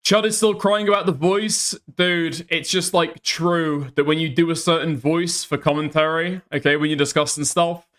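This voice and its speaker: A man's voice: a little high, fairly bright tone. A man doing casual reaction commentary as a streamer, blunt and profane, tagging his points with "okay?".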